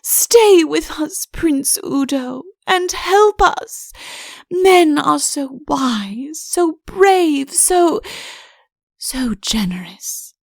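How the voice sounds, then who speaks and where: A woman voicing a scheming, flirtatious countess in an audiobook, with a breathy, whispery delivery and a put-on meekness. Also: sits high, measured pace, no room sound, clean studio sound, pitched above the performer's own voice, heavily acted. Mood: beseeching. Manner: coy, feigns meekness. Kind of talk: audiobook character voice.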